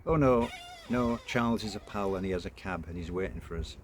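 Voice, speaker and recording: A man's voice: sits low, a little fast, a little hiss or hum, natural voice. A man voicing a big, pompous uncle with a grand, lofty tone in a storybook reading.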